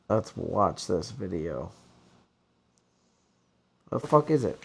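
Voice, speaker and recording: Low-voiced young man, rambling gamer. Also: very animated, slow pace, creaky, breathy edge. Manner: loose, rambling, swears often. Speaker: gaming streamer. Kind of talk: casual gaming chat.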